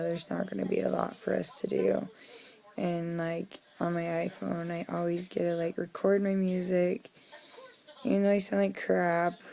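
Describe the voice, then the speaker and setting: Weary, gravelly-voiced young woman venting. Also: on the low side, mellow. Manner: profane, irritable venting with frequent fillers. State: low and weary. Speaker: vlogger. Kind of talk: casual personal vlog.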